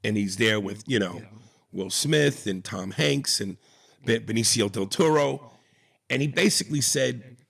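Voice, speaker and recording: A man hosting a comedy podcast, telling animated stories in casual chat and restarting his sentences often. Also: on the low side, unhurried, gravelly. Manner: animated, storytelling, restarts a lot.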